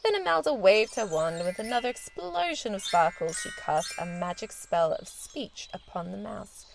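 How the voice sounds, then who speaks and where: A woman reading a children's storybook aloud in a gentle, expressive storytelling manner. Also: medium pitch, moderate pace, gravelly, soft background music.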